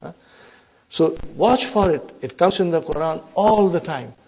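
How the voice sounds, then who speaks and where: A man lectures on Arabic grammar to a class, with a voice sitting a little high for a man. He talks with emphasis, keeps tossing "huh?" at the room to check everyone is following, and rattles off quick recitations between his explanations. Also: lively intonation, a little mellow, breathy edge. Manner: recites Quranic verses fast in Arabic. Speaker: Arabic teacher.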